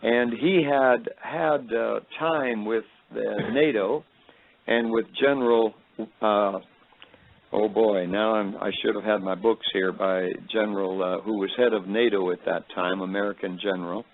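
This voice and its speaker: A man giving a personal testimony, telling his story in a halting, rambling way with many fillers, his voice deep and tired tonight. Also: steady tone. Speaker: speaker recounting a vision. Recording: phone-like radio broadcast.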